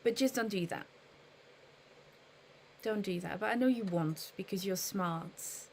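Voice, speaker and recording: A woman's voice: medium pitch, a little slow, darkish tone, a little hiss or hum. A woman live streaming in casual chat, thinking aloud and patiently explaining trading to her viewers.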